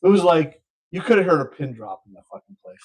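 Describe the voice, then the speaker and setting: A man's voice: high voice, sing-song, fast, slightly rough, rough recording. An older man, a co-host, telling a long profane joke in casual chat and acting out the characters' voices.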